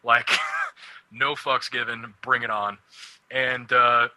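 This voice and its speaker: A man's voice: mid-range voice, little pitch movement, takes it slowly, bright, forceful tone, slight background noise, low-quality recording. A young man co-hosting a casual radio show, rambling and swearing, laughing often. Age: young adult. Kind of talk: casual chat.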